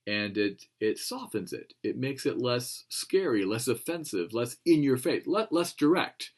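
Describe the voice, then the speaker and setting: A man giving a classroom lecture on clear writing, explaining plainly with frequent ums and reading passages aloud. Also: mid-range voice, sing-song, a little slow, few pauses. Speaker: teacher.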